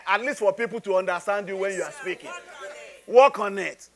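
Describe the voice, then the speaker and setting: Pastor, male, high voice; preaches in a chatty, humorous way and keeps firing questions at the congregation. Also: a little fast, fairly bright tone. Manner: conversational and humorous, rhetorical questions. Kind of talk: sermon.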